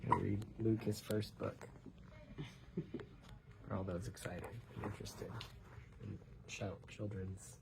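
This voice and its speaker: A man's voice: fairly low pitch, little pitch movement, measured pace, gravelly, pauses often, heavy background noise. A man reading a picture book aloud to his baby in a casual home video, joking about what noises the animals make.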